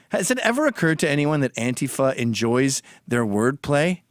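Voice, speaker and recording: Middle-aged male host, sarcastic and heated, swearing freely; fairly high and animated delivery, dry recording. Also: a little fast, few pauses, no room sound. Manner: sarcastic and heated, swears often, quotes tweets back. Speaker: commentator reading tweets on his show. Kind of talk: profane opinion commentary.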